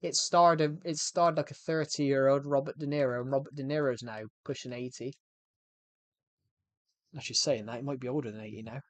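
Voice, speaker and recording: A man chatting on a game livestream. He rambles and corrects himself mid-sentence, at a middling pitch for a man. The recording is dry and close, with no room sound. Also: fairly even intonation, fairly quick, no room sound. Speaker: game streamer. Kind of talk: casual livestream chat.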